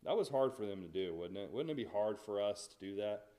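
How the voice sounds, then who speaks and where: A man's voice: on the low side, expressive, a little fast, warm tone. A man teaching a Bible study in a church, talking conversationally and asking the class questions.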